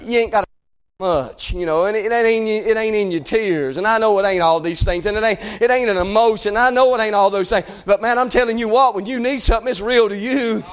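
High-voiced fervent preacher man. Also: fast, few pauses, smooth. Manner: fervent, swings from shouting to hushed. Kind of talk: sermon.

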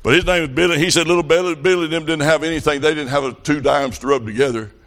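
Middle-aged male preacher, a touch high-pitched, folksy storyteller, builds to shouting. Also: steady tone, fast talker. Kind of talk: revival sermon.

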